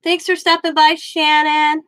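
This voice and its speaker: A woman's voice: high-pitched, level tone, a little slow, a bit bright, no room sound. Chatty woman hosting a crafting livestream. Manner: chatty, answers viewers by name, restarts sentences. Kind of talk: casual live-stream chat. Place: at home.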